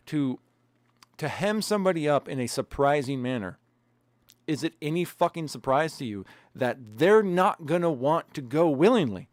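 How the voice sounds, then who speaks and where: A man's voice: mid-range voice, a little mellow, no room sound. Podcast co-host, male, heated and profane, dry close-miked sound. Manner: profane, angry, emphatic. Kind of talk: heated casual podcast rant.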